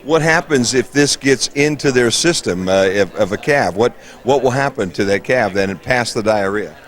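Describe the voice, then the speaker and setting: A man interviewing people at a science fair, easygoing and chatty. He laughs easily and keeps the questions light. His voice sits at an ordinary middle pitch. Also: animated, normal speed. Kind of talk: casual interview. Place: busy science fair hall.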